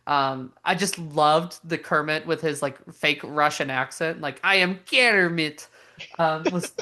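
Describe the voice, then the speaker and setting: Giggly young woman podcaster, lowish voice. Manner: animated, giggly, many fillers and restarts. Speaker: podcast co-host. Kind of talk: casual chat.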